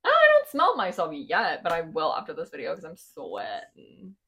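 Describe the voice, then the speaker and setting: A young woman co-hosting a podcast, chatting casually and gushing with excitement. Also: sits low, normal speed. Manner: excitable, gushing, laughs easily. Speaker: podcast co-host. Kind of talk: casual chat.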